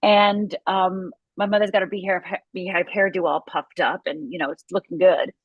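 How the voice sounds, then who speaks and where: A woman's voice: fairly low pitch, fairly even intonation, moderate pace, husky, no room sound, dull audio. A middle-aged woman from Upper Michigan, a guest telling her life story with intense, vivid storytelling. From Upper Michigan, USA. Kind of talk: personal story in an interview.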